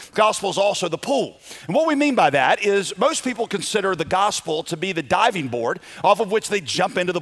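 A pastor delivers his Sunday sermon with lively energy and easy humor. His voice sits a little high for a man, and he often pauses on fillers before pressing on. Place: church sanctuary.

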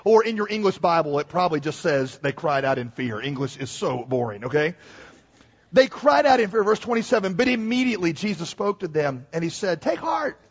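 Guy preaching, higher voice kinda husky, dull lo-fi recording, gets animated doing the bible voices. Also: fairly quick. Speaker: pastor. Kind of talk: sermon.

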